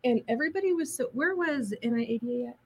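A woman co-hosting a podcast, chatting in a lively way and laughing easily. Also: high-pitched, fast talker, husky. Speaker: podcast co-host. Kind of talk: casual chat.

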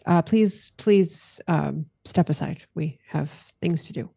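A woman's voice: deep voice, takes it slowly, creaky, warm tone, breathy edge, no echo, clean studio sound, full character voice. A woman voicing a stern, cold warrior nun who speaks in curt, clipped lines.

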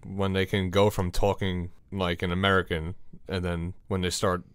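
A man's voice: sits low, level tone, moderate pace, clear, resonant tone, no room sound. A man co-hosting a podcast, chatting casually, laid-back and swearing now and then. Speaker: podcast co-host.

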